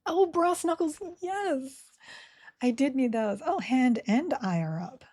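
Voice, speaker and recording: A woman with a high, expressive, mellow voice streams a game live at a slow pace. She chats casually with her viewers and her game characters, giggling often as she comments on the gameplay.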